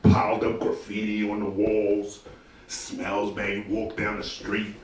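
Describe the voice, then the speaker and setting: With an unhurried voice on the low side, a New Yorker does animated, profane stand-up comedy on a club stage, now and then erupting into mock shouting. The audio comes from far off in an echoey club, with the crowd audible.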